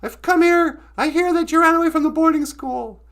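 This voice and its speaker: A woman voicing Santa Claus as a bossy old child-catcher, loud and blustering with a booming laugh. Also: brisk. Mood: bullying.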